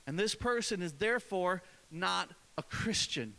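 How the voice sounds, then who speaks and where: A man's voice: high-pitched, expressive, unhurried, gravelly, bright, forceful tone. A man with a northern US accent giving an informal, conversational sermon with an emphatic delivery and frequent restarts. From northern United States. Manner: conversational, with many fillers and restarts. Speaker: preacher.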